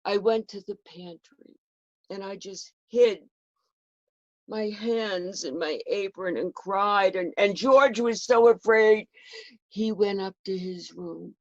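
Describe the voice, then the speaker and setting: A woman's voice: medium pitch, slow pace, no room sound. A woman telling a historical story in the first person, with dramatic, emotional delivery. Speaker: historical portrayer. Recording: dull lo-fi recording.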